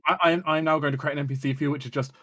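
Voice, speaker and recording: A man narrating a tabletop game as game master, with measured descriptive narration. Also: fairly high pitch, steady tone, a bit bright.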